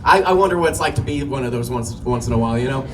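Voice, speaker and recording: A man's voice: mid-range voice, lively intonation, very fast, distant mic, noisy background. A man doing a stand-up comedy set, telling a story in a loose, profane way and laughing at his own jokes. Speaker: stand-up comic. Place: small comedy venue.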